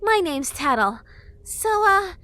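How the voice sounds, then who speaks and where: Audiobook fairy: a woman doing a pushy young girl sprite, stammering and sarcastic, pitched up high. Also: very animated, slow, bright, forceful tone, heavily acted. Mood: pushy, flustered. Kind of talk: audiobook character voice.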